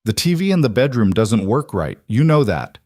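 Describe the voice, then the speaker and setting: A man voicing a single father in a spoken story, gentle, patient and steady but firm. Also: medium pitch, normal speed, no room sound, clean studio sound.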